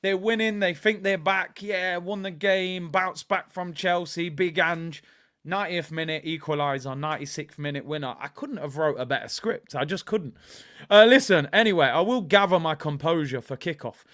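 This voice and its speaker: A fairly high-voiced man from England chats through a live football watchalong. He is excitable and rambling, full of fillers as he talks. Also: moderate pace. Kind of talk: casual live-stream chat.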